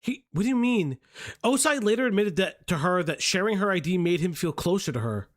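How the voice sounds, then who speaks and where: High, lively, profane male streamer. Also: fairly quick. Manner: profane, exasperated, shouts at chat. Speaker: stream host. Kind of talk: livestream commentary.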